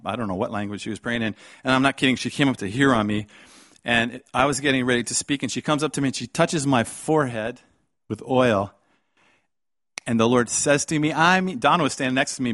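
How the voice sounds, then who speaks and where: A middle-aged man preaching a sermon with storytelling, swinging from hushed, low lines to loud, high-pitched outbursts. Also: no room sound, clean studio sound.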